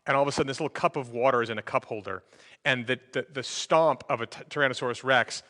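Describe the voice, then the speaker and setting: A man's voice: mid-range voice, fast, sharp tone, long reverb tail. A man preaching a sermon as pastor, in a conversational way with frequent fillers and restarts. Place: church sanctuary.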